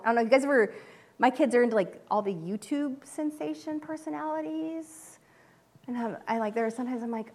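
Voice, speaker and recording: A woman's voice: high-pitched, animated, fairly quick, a little mellow. A mother giving a casual devotional talk in a chatty style, full of fillers, who acts out the quotes she tells. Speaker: speaker, mother.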